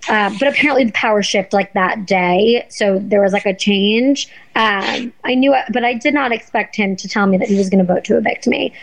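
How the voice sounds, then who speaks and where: A woman guest telling a story in a casual interview, animated and swearing, acting out what people said. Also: medium pitch, fairly quick, creaky, hardly any pauses, rough recording. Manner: animated, swearing, acts out quotes. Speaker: guest, former reality show contestant.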